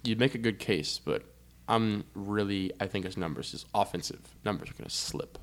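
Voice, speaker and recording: A young man co-hosting a podcast, chatting casually about sports with an animated, joking manner and frequent asides. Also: lowish voice, normal speed. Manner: animated, laughing, trailing off into asides. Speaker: podcast co-host.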